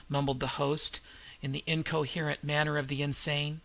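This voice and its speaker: Man, narrator, dark adventure story reading, bright tone, somewhat high pitch. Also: level tone, normal speed.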